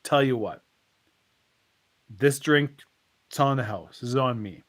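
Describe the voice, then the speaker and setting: A man's voice: medium pitch, unhurried, natural voice. A man doing a laid-back bartender. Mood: casual. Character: easygoing male bartender.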